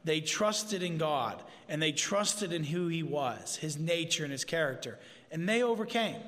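A man's voice: a little high, lively intonation, measured pace, fairly bright tone. A man preaching a conversational sermon to his church, informal and joking in asides. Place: church sanctuary. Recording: long hall reverb.

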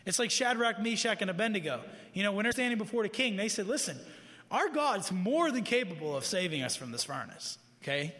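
A man's voice: sits high, very animated, a little fast, pushed and bright, long reverb tail. A man preaching a sermon in an earnest, conversational way, stressing points through repetition, speaking to people in a room. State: living with heart disease, tires easily. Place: room with an audience.

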